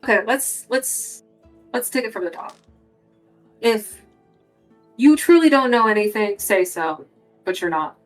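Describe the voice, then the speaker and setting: A woman's voice: medium pitch, lively intonation, a little slow, pauses often, soft background music, rough recording. A woman playing a tabletop game in a casual, blunt way, swearing and pressing with questions. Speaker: player. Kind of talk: casual tabletop role-play.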